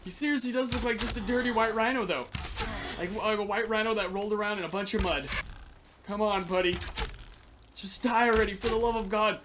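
A young man giving casual, excitable commentary on his video game, rambling, swearing and yelping at sudden danger. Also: high voice, fairly quick, background noise. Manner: chatty rambling to animals in the game. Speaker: gaming channel host. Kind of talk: Let's Play commentary.

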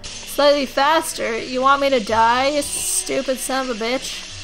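A woman's voice: sits high, fairly even intonation, moderate pace. A tipsy young woman giving brash, foul-mouthed let's-play commentary as the host. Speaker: gaming host. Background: game music.

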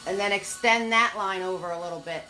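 A woman's voice: mid-range voice, fairly quick, sharp tone, soft background music. An older woman giving a live painting lesson, upbeat, chatty and encouraging. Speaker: painting instructor.

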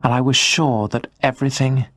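A man narrating a first-person story for English learners in a slow, clear, measured reading. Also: medium pitch, steady tone, no room sound, studio quality.

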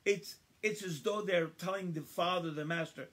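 A man leading a livestreamed Bible study, reading verses slowly and emphatically, repeating phrases and chatting to viewers. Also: high voice, fairly bright tone. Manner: addresses viewers by name, conversational asides.

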